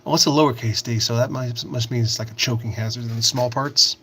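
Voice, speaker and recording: A man's voice: medium pitch, fairly even intonation, quick pace, sharp tone, a little hiss or hum. A man hosting a casual livestream, reading out and answering viewer comments while he works on a craft project. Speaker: livestream host.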